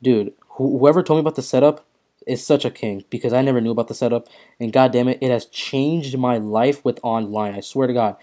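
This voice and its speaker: A young man with a medium-pitched voice talks fairly quickly over his mobile game stream. His commentary is casual and excitable, full of swearing and chat read aloud, and he is bothered by hiccups and frequent throat-clearing.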